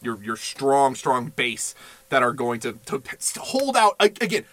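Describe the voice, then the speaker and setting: A man hosting a casual history podcast, animated and profane, slipping into silly voices for quotes. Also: mid-range voice, unhurried, no echo. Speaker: podcast co-host.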